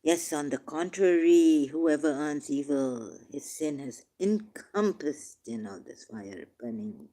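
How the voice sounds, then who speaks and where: A man reading scripture verses aloud and commenting on them, turning emotional, shifting between quiet musing and loud, drawn-out declaiming. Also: on the high side, animated. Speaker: religious commentator.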